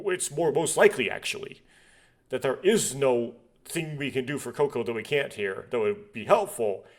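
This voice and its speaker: Young guy reading game text out loud, tangents, picky little complaints. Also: mid-range voice. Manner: chatty, rambling asides, sarcastic nitpicking. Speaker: let's play host. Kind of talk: reading a game's text aloud with commentary.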